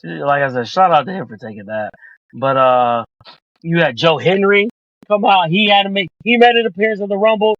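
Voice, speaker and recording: A man hosting a podcast, retelling events in casual chat, excitable and swearing freely. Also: on the high side, normal speed, no room sound. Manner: excitable, profane storytelling. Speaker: podcast host. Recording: dull lo-fi dry sound.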